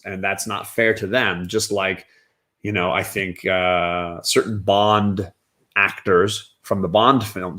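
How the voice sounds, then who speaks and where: Low-voiced dad rambling about movies. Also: male voice, a bit bright. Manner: rambling, with many restarts and fillers. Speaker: host, father reviewing films with daughters. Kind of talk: casual chat.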